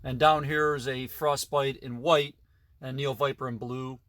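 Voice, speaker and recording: A man's voice: medium pitch, steady tone, measured pace, fairly bright tone, no room sound. A middle-aged man casually narrating a tour of his collection in a basement, with frequent fillers and self-corrections. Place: basement room.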